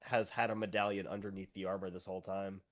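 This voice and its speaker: A man's voice: low-pitched, level tone, fast, dry recording. A man playing in a tabletop game, describing his character's actions hesitantly with many fillers. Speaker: player.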